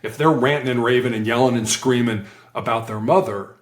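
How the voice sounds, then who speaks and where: Guest man, animated storyteller who mimics quoted voices, average pitch, roomy echoey sound. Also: a little fast. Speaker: guest, former hostage negotiator. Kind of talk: conversational interview storytelling.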